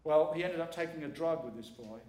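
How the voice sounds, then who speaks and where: A middle-aged man, a guest speaker, preaches a sermon in a church sanctuary, his voice on the high side, brisk and a little mellow. He's earnest and emphatic, repeating words for weight, and the hall is echoey.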